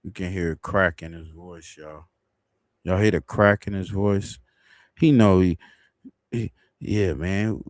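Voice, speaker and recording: Low-voiced man rambling on a livestream. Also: a little slow, long pauses, a little mellow, dry recording, studio quality. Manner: loose, rambling, laughs at his own jokes. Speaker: livestream host. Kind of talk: casual livestream commentary.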